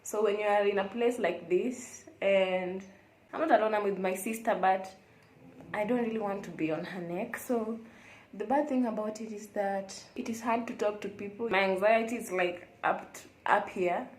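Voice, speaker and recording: Young woman, candid vlogger chatting alone in a roomy-sounding hotel room, mid pitch. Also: moderate pace. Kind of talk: casual confessional vlog chat.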